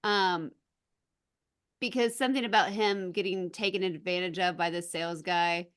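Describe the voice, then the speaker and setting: A woman chatting casually on a podcast about a film, animated and giggly, full of "like" and "um". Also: on the low side, brisk, clear, resonant tone. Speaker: podcast guest. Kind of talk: casual movie-review chat.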